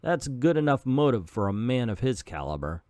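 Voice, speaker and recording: A man's voice: medium pitch, very animated, moderate pace, warm tone, no room sound, clean studio sound, lightly acted. A man voicing a confident adult male archer hero from an old comic, reading the lines plainly.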